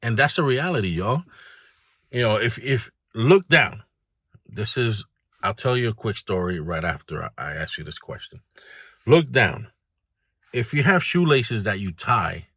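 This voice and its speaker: With a clean studio sound and no room sound, a man hosts a self-improvement video, his fairly low voice sing-song, a bit bright and moderately paced. He speaks straight to the viewer in a blunt, plain-spoken monologue about his own struggles, candid and motivational.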